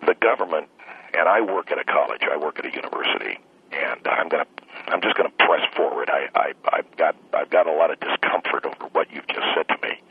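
A man calling in to a radio show, talking slowly with halting restarts and a prickly, preachy manner. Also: very deep voice, gravelly, husky. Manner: slow, halting, full of restarts. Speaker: caller. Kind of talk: call-in radio talk. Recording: tinny phone line.

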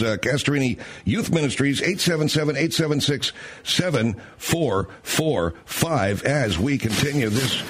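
A man's voice: mid-range voice, expressive, normal speed, few pauses, very noisy. Rambling male late-night radio host. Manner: rambling, hesitant, many fillers. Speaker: radio talk show host.

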